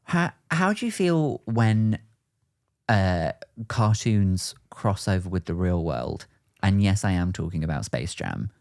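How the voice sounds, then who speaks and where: A woman's voice: extremely low pitch, animated, unhurried, darkish tone. A woman hosting a podcast, chatting casually and drifting off on tangents. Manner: chatty, tangent-prone, playful impressions. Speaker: podcast host.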